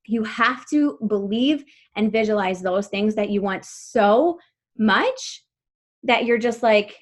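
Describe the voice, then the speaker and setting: A woman in her thirties leads a team call as a motivational coach. Her voice sits slightly high, and she speaks in an upbeat, emphatic way with frequent laughter. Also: expressive, normal speed.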